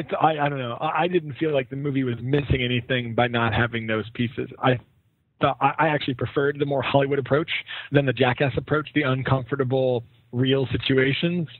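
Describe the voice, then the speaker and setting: A young man co-hosting a film podcast, chatting casually, enthusiastic and quick to laugh. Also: medium pitch, dry recording, narrow, tinny audio. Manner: laughs often, animated and enthusiastic. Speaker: podcast co-host. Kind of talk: casual film review chat.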